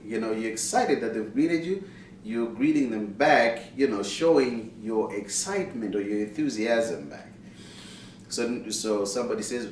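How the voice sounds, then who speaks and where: A man's voice: on the low side, expressive, a little slow. A man from Zimbabwe giving a casual video language lesson, upbeat and repeating words to drill pronunciation. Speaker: language teacher. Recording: roomy echo, distant mic, faint background noise.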